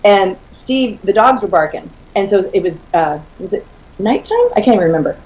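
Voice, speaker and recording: A woman in her fifties tells a story as a guest on an interview show. Her delivery is animated, and she breaks into laughter often. The audio sounds slightly muffled. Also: mid-range voice, a little fast. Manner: animated, laughs often while telling stories. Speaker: author and guest.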